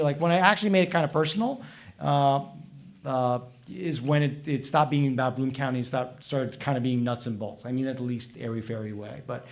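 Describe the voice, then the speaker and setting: Chatty, lively man giving a public talk. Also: fairly high pitch, gravelly. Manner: chatty, animated, acts out voices in anecdotes. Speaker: comics author answering audience questions. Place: library event room with audience.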